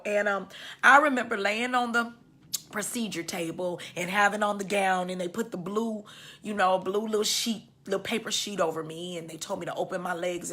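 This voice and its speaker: Woman, 50s, personal testimony; bright, clear tone, halting and emotional. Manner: emotional, halting, often dropping soft and low. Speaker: women's healing teacher sharing her story.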